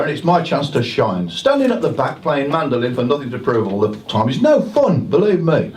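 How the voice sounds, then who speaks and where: A man's voice: medium pitch, huge pitch swings, a little fast, hardly any pauses, a little mellow. A man introducing an amateur pantomime to a live audience, chatty and self-mocking with jokey asides. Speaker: pantomime compere. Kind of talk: comic stage introduction. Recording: echoey, distant live room, noisy.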